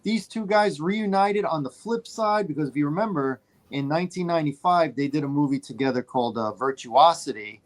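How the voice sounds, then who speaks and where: A man co-hosting a casual movie podcast, telling a story in an animated way and repeating phrases for emphasis. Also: a little high, fairly quick, hardly any pauses. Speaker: podcast co-host.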